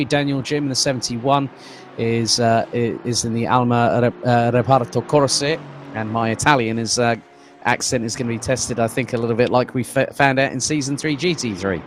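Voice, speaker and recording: A man with a mid-range voice leads the commentary on a sim racing stream, keeping things chatty and loose with plenty of fillers and restarts. He reads out viewer comments as he goes, and a faint hiss or hum sits under the audio.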